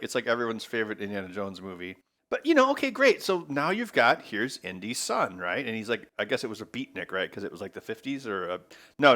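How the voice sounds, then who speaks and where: A man's voice: mid-range voice, fairly bright tone. A man hosting his own channel, giving a casual, rambling movie review and acting out quotes in mock voices. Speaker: host.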